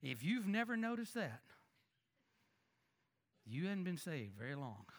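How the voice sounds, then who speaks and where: A man preaching as a pastor, talking conversationally and asking the congregation rhetorical questions, his voice swinging between emphatic lines and quiet asides. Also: a little high. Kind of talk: sermon.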